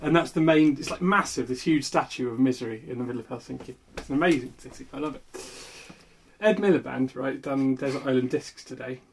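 A young man in casual comedic chat, telling rambling animated stories as co-host. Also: mid-range voice, fairly quick, vocal fry, a little hiss or hum. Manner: rambling, animated storytelling with put-on voices. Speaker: podcast co-host.

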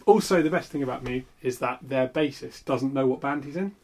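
A young man in casual comedic chat, telling rambling animated stories as co-host. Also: medium pitch, fairly quick. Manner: rambling, animated storytelling with put-on voices. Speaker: podcast co-host.

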